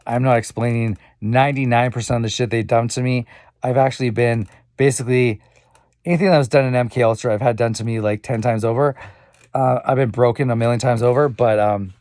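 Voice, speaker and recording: Young man, rambling vlog monologue, profane and repetitive, mid-pitched voice, dry close sound. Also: a little mellow, no room sound. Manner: sighing, muttering asides. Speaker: vlogger.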